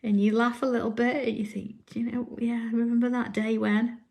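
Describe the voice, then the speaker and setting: A woman's voice: a little high, flat delivery, moderate pace, vocal fry, darkish tone. Lady chatting while she draws, laughs a lot, whispers little asides to herself. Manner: chatty, laughs often, reads out viewer comments. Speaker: crafting livestream host. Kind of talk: casual chat while drawing.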